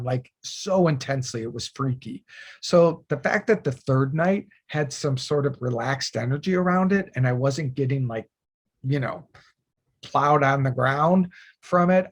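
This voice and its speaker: A man with a husky, breathy voice tells a personal story directly to his listeners. He speaks earnestly and with feeling, at a middle pitch, and his phrases often start over or trail off into quiet. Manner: earnest, emotional, with many restarts and soft drops in volume. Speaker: spiritual teacher.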